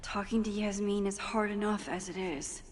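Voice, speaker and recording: An actress voicing an anxious young heroine in a video game who speaks in an introspective inner monologue. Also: female voice, mid-range voice, steady tone, moderate pace, long reverb tail, a little hiss or hum, lightly acted. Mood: reflective.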